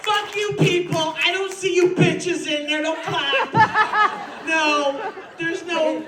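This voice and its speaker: A brash woman in her forties rants through a stand-up set. She swears freely and takes her time, with a slow, drawn-out delivery. She is recorded from a distance in a roomy club with a crowd. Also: high voice, animated. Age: 40s. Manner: brash, profane, ranting. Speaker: stand-up comedian. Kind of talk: stand-up comedy.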